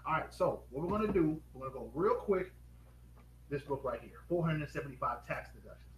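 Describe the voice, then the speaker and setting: A man's voice: fairly high pitch, lively intonation. Upbeat man hosting a live stream. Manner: upbeat, quizzing viewers with rapid questions. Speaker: host. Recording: echoey room with faint noise.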